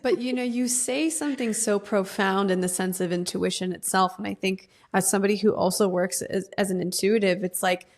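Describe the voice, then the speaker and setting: A woman hosting her own wellness podcast, who also works as an intuitive. She talks in an earnest, thoughtful way and lets her ideas flow on in lists. Her voice sits at a middle pitch. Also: fairly even intonation, brisk, few pauses. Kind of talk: reflective interview talk.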